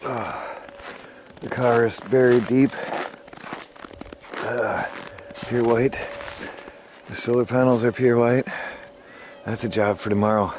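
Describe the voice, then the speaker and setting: A man's voice: medium pitch, steady tone, takes it slowly, pauses often, noisy background. A man vlogging from his snowy homestead, chatting in a rambling, casual way and sometimes out of breath from the cold and hauling firewood. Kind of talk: casual vlog narration. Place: outdoors in snow at a homestead. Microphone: handheld camera mic.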